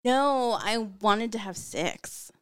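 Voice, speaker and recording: A woman's voice: fairly high pitch, slow pace, clean tone. A woman guest on a podcast, chatting casually and animatedly acting out what her family says. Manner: animated storyteller, acts out quotes. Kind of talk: casual chat.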